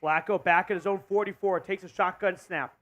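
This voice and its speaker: A man hosting a live stream and calling a football game as a fan, getting excited and shouting on big plays. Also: sits high, fairly quick, no room sound, faint music behind. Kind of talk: fan play-by-play commentary.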